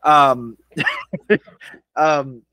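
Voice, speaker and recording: Lively, laughing young podcast host. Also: male voice, a little high, very slow, no echo, rough recording. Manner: laughs often, restarts and self-corrects. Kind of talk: casual chat.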